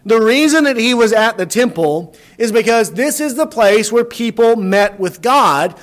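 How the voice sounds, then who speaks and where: A man's voice: sits high, expressive, moderate pace, few pauses. A man preaching a sermon in an earnest, explaining manner, often repeating words as he builds a point.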